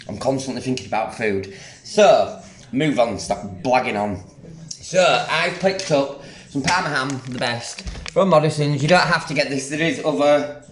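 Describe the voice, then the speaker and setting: A man's voice: medium pitch, fairly bright tone, reverberant, a little hiss or hum. A man chatting casually through a home cooking vlog, rambling and enthusiastic about food. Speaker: home cook. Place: home kitchen.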